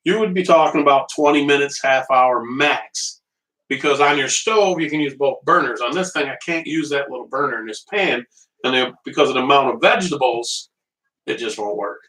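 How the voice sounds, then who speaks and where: A man with a medium-pitched, sharp-toned voice talks at a normal speed while hosting a live home cooking stream. He rambles and jokes with viewers as he waits on a small portable stove in his kitchen. The mic is placed at a distance.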